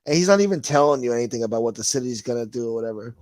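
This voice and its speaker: A man's voice: mid-range voice, expressive, very fast, a little mellow, dry recording. Man ranting on a livestream. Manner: profane, ranting, sarcastic. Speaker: livestream host. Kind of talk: casual chat reading viewer comments.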